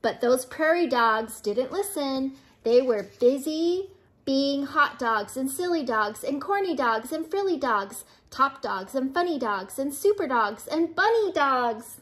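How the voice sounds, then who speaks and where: A woman's voice: high voice, lively intonation, unhurried. An older woman, a grandmother, reading a children's picture book aloud with playful voices for the animals.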